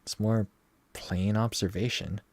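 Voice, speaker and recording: A man's voice: fairly low pitch, steady tone, a little slow, noisy background. A man voicing a flustered, exasperated young male defendant who keeps protesting his innocence. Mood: wary. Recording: game music underneath.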